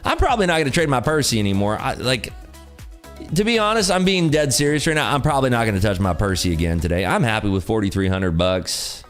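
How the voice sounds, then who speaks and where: A man's voice: medium pitch, expressive, fast talker, soft background music. A tired man hosting a day-trading livestream, joking and reading chat aloud in casual talk.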